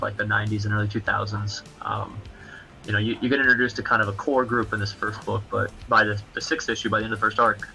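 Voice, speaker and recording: Gravelly low-voiced man, rambling chat. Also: sharp tone, rough recording. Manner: rambling, halting explanations. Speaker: comic book creator guest. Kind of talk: casual livestream chat.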